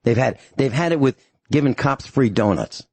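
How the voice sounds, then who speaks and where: An angry male talk radio host delivers an emphatic monologue. His voice is husky and sits at an ordinary pitch. The sound is dry and close. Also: expressive, moderate pace, a little mellow, no echo.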